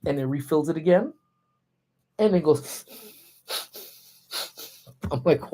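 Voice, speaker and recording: A man hosting a casual livestream, telling stories in an animated, laid-back way with lots of slang, from a parked car. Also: on the high side, slow. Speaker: livestream host. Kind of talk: casual storytelling.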